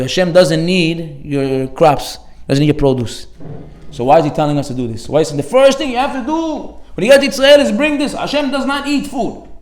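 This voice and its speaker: A man preaching as a rabbi in a lively storytelling style, bringing each character of his parables to life. His voice sits a little high, and he laughs often between lines. The sermon is caught in a room with a noticeable echo.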